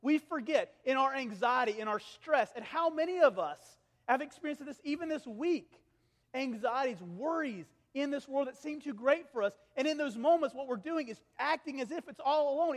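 A man in his thirties, a pastor preaching a sermon, who swings between raised, urgent passages and hushed, gentle ones. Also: extremely high pitch, animated, moderate pace. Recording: long reverb of a large hall.

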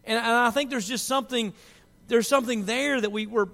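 A man preaching a sermon, moving from quiet reflection to loud, impassioned pleading. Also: very high voice, fairly even intonation, brisk. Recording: long hall reverb.

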